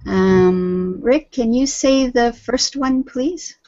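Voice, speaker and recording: A woman's voice: on the high side, takes it slowly, warm tone. A woman teaching an online English group lesson, patient and encouraging, calling on students by name. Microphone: video call audio. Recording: dull lo-fi video call audio.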